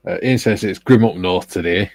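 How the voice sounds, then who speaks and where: A man's voice: low-pitched, moderate pace, vocal fry, a little mellow, no room sound. A man hosting a live panel, reading out the viewer chat and greeting each person in a jokey, chuckling way. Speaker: host. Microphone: video call.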